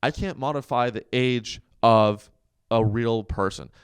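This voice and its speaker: A man's voice: mid-range voice, unhurried, clear, resonant tone, no echo, clean studio sound, lightly acted. A man voicing a polite AI chatbot that gives a formal, apologetic refusal.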